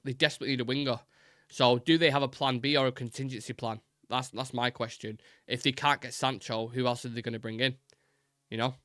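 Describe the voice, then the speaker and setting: Bright-voiced, fast-talking host. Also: male voice, mid-range voice, steady tone, no echo, studio quality. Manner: fast-talking, rambling, many fillers. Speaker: host of a live football fan show. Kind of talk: casual live-stream chat, reading chat messages.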